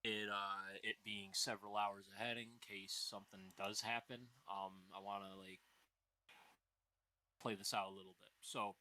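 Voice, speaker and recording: A man narrating as game master, explaining rules and scenes in a relaxed, chuckling way. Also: lowish voice, measured pace, poor audio.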